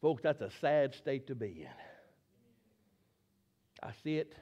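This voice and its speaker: A man preaching a fervent sermon, repeating phrases and rising to shouts. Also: medium pitch, sing-song, takes it slowly, highs cut off.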